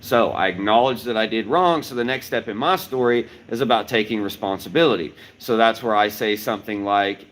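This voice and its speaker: A man's voice: lowish voice, brisk, hardly any pauses, a bit bright, poor audio. A middle-aged man, a martial arts instructor, explaining step by step in a livestreamed talk and checking in with "right?" as he goes. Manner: explanatory, repeats key points with "right?".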